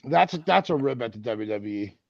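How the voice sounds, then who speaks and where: Man, gravelly voice, dry dull lo-fi mic, rambling, stumbles over words, video call co-host. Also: medium pitch, animated, normal speed. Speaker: podcast co-host. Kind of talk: casual wrestling chat.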